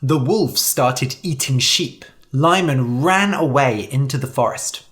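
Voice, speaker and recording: A storyteller reading a fable slowly and clearly for English learners. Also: mid-range voice. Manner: slow, clear, expressive reading.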